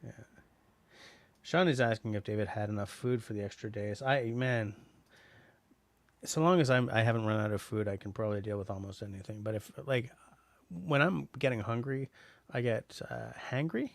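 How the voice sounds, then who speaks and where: Man, middle-aged, from canada, livestream host, gravelly voice, dry close sound, rambling chat. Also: medium pitch, normal speed, no room sound. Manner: rambling, many restarts and fillers. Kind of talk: casual chat.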